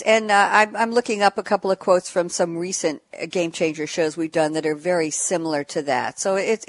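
A woman's voice: on the low side, no echo. A woman hosting a panel show, introducing the topic and guests with chatty, jokey asides. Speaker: show host and moderator.

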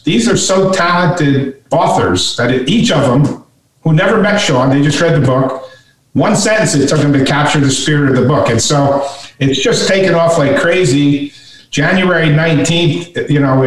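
A middle-aged man, a guest author, telling a story in conversation and animatedly acting out the voices he quotes. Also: on the high side. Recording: echoey room, voice from far off.

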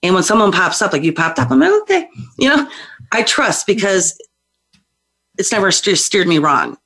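Feisty, animated woman telling stories. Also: mid-range voice, normal speed, creaky. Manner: lively, feisty, acts out voices in her stories. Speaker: psychic medium guest. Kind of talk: animated storytelling on a call-in show.

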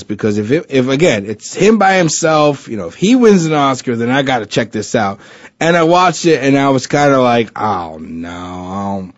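A podcast host with a medium-pitched male voice rambles through a casual chat show, full of fillers and restarts, cracking jokes along the way. The recording is dull and lo-fi, with no echo.

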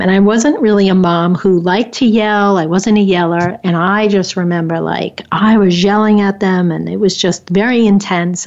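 A woman guest with a fairly low voice tells a personal story. She sounds relaxed and reflective, and she scatters "like" through her speech. The recording is dull and lo-fi. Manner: relaxed, reflective, uses many "like" fillers. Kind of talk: casual storytelling.

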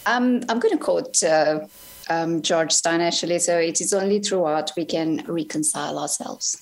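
A woman's voice: low voice, moderate pace. A woman guest on a panel, speaking a little hesitantly with fillers. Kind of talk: casual chat.

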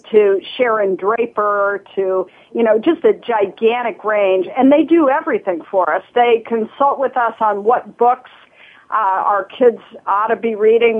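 A woman's voice: mid-range voice, slightly rough. A woman from Southern Ohio, a guest speaking earnestly in a casual interview, with many fillers and restarts. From Southern Ohio, USA. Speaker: guest, nonprofit leader. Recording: tinny phone line.

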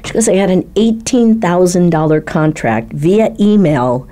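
Woman, speaking coach, animated storyteller, mellow lowish voice. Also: measured pace. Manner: lively, acts out quoted voices. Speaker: speaking coach and talk ghostwriter. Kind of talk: animated storytelling in a panel chat.

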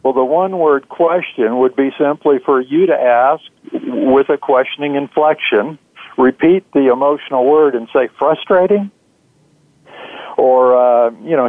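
A man, an author being interviewed, answering in a measured way with frequent "uh" fillers. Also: medium pitch, dry recording. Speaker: author and guest. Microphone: phone. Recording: tinny dry phone line.

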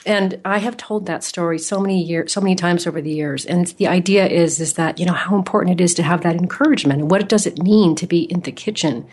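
A woman hosting an interview, telling a personal story in a lively, animated way. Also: on the low side, fast, hardly any pauses, slightly rough. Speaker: podcast host.

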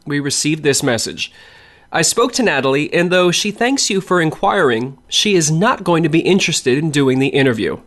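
A man hosting a show, narrating in a measured, explanatory way. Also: fairly high pitch, a bit bright. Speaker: host. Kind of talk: scripted narration.

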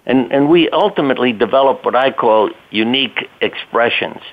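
Heard through a tinny phone line, a mid-range male voice moves at normal speed. He's an older physician guesting on an interview, relating down-to-earth anecdotes casually and letting the odd curse slip.

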